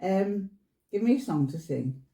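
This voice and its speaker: Older woman in her seventies, lively up-and-down voice, mellow tone, echoey room, chatty storyteller. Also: medium pitch, a little slow. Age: 70s. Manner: chatty storyteller, laughs often. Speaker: vlogger. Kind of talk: casual chat. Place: home.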